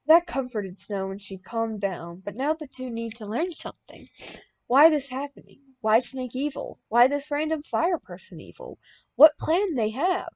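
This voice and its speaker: A young woman reading a fan-written story aloud as an audiobook, plain and deadpan, bursting out loud in the dialogue. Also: a little high, normal speed. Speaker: audiobook reader.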